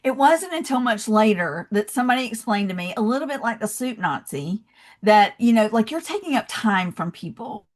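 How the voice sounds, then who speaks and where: A woman's voice: fairly high pitch, lively intonation, normal speed. A woman from Georgia with a Southern accent, a podcast guest telling stories expressively with acted-out asides. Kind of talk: casual podcast interview.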